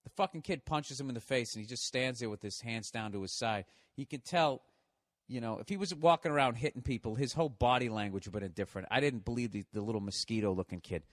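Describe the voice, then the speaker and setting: A man's voice: medium pitch, quick pace, no room sound. A middle-aged man, hosting a podcast in a profane, ranting monologue that breaks into laughter. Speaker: podcast host. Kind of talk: casual monologue.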